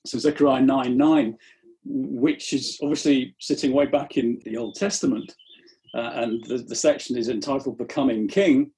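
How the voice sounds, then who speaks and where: A man's voice: mid-range voice, fairly even intonation, normal speed, warm tone. A man preaching a sermon in an earnest tone, often repeating the first words of a phrase as he starts it.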